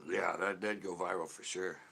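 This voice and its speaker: A man's voice: sits low, level tone, normal speed, gravelly, pushed and bright, breathy edge. A man hosting a casual fishing live stream, joking and rambling as he chats with viewers. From California. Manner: joking, rambling, laughs a lot. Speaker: fishing channel host.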